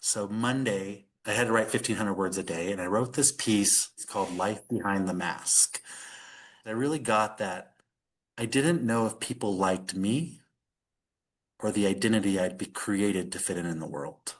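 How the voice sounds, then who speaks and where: Low-voiced man telling his story. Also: normal speed. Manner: earnest, animated, many fillers like "like" and "uh". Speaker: podcast guest. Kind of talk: personal storytelling in conversation.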